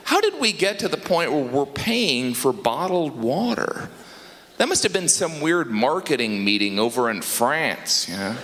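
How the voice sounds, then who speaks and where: Deadpan stand-up comic in a big theater. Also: male voice, measured pace. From American Midwest. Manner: deadpan, with high mocking character voices. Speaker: stand-up comedian. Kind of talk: stand-up routine. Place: large theater stage. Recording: reverberant theater with audience laughter. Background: audience laughter.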